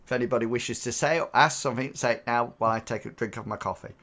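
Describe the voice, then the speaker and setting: A man narrating as game master, in a relaxed way with many fillers. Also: mid-range voice, fast talker.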